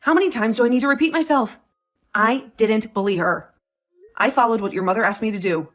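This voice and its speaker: A woman's voice: on the high side, brisk, fairly bright tone. A woman voicing a young wife who defends herself, defiant and sarcastic toward her husband, in a voiced drama story. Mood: indignant. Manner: indignant, sarcastic.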